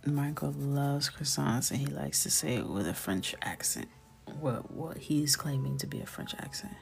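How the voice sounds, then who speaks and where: A woman's voice: extremely low pitch, normal speed, gravelly, darkish tone. A middle-aged woman hosting a coloring livestream, chatting casually and jokingly while reading viewer comments. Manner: chatty, joking, reads chat aloud.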